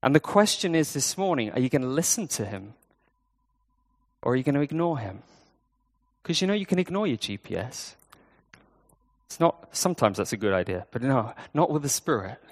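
A man's voice: mid-range voice, big pitch swings, moderate pace, long pauses, long reverb tail. A man preaching a sermon in an easygoing, conversational way, with fillers and restarts. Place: church.

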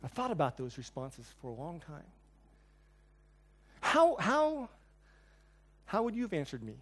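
High-voiced male pastor, earnest storyteller, sermon delivery with quiet emphatic dips. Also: big pitch swings, fast, slightly rough. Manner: earnest personal storytelling, drops to near-whispers on key lines. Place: church hall before a congregation.

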